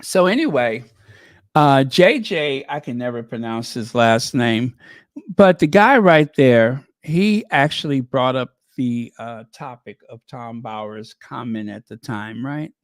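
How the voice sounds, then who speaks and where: A man's voice: mid-range voice, lively intonation, takes it slowly, no room sound. A man hosting a commentary channel, talking casually in a sarcastic, mocking way and rambling with many fillers and restarts.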